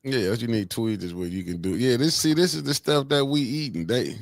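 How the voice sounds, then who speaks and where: A man's voice: mid-range voice, expressive, fairly quick, no echo, studio quality. A man co-hosting a casual live-stream chat, colloquial and laid-back, chuckling often. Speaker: co-host.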